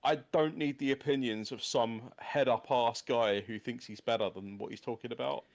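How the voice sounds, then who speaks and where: An older man co-hosting a casual podcast chat, talking in a measured, self-assured way with hesitant starts. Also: mid-range voice, steady tone. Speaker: podcast co-host.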